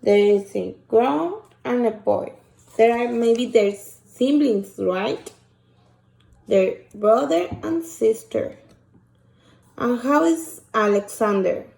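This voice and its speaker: Slow gravelly woman reading to kids. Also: a little high, expressive, darkish tone, echoey room. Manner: slow, questioning, reads aloud to children. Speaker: teacher. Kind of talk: shared reading lesson for children.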